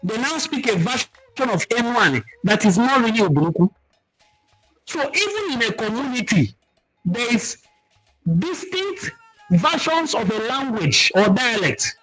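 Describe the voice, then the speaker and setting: Nigerian man, livestream host, emphatic teaching, reads viewer comments, high voice. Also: very animated, normal speed, music in the background, poor audio. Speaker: cultural talk host.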